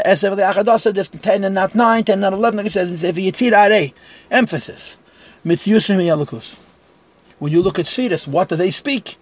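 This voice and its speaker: A man's voice: high-pitched, fairly quick. A man teaching a text-study lecture in Yeshivish English, conversational, with frank self-deprecating asides.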